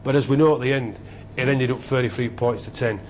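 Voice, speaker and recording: Excitable man telling stories. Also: mid-range voice, a little fast, a little hiss or hum. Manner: excitable, rambling, repeats himself. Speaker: former rugby league captain, guest. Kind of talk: animated storytelling interview.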